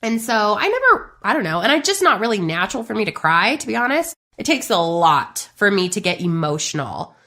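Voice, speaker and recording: A woman in her thirties hosting a faith-based business podcast, talking to listeners in a lively, chatty way. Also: mid-range voice, brisk, few pauses. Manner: animated, chatty, addresses listeners as you guys. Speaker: podcast host.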